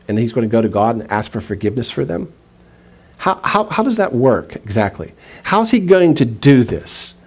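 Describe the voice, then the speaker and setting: A man pastor giving a conversational sermon, reading scripture aloud slowly and earnestly. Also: medium pitch, darkish tone, breathy edge.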